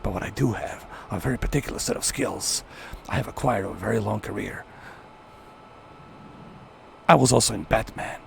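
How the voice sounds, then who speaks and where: Guy doing a low calm movie tough guy voice, middle-aged, deadpan and menacing. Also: fairly quick, gravelly, long pauses, a little hiss or hum. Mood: deadpan menace. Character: quiet menacing action-movie hero, middle-aged man.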